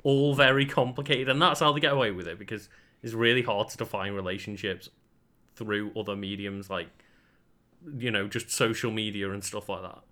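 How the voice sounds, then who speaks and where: A man's voice: fairly low pitch, steady tone, moderate pace, pushed and bright. A man co-hosting a podcast, thinking aloud in casual chat, hesitant and repeating words. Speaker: podcast co-host.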